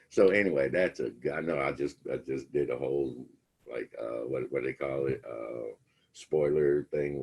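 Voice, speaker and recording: A man's voice: rumbling low, gravelly, a little mellow, breathy edge. A man teaching a class in a loose, rambling way, telling a story and acting out the quoted lines. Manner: rambling storyteller, acts out quotes, many fillers. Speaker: instructor. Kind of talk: casual lecture retelling a film plot.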